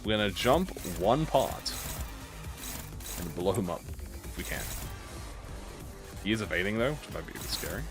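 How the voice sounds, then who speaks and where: A man giving casual gameplay commentary, playful and excitable, swearing freely and talking back at the game. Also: fairly low pitch, normal speed, long pauses, over music. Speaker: gaming channel host.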